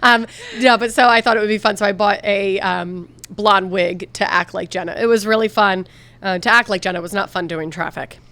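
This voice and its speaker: A woman's voice: medium pitch, brisk, a bit bright. A middle-aged woman from the Philadelphia area co-hosting a TV advice show, talking casually and often restarting her sentences. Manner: chatty, restarts often when making a point.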